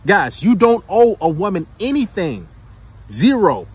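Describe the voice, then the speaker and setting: A man's voice: high-pitched, sing-song, unhurried, husky. A man giving a preachy monologue of dating advice to the camera, emphatic and repetitive, checking in with his listeners as he goes. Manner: emphatic, repeats points and checks in with "right?" and "okay?".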